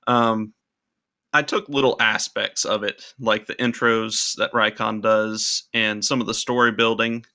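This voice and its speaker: Lowish guy with a really bright edgy tone, guest on a podcast, measured and explaining. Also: fairly even intonation. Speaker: podcast guest, role-play video creator. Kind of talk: casual interview chat.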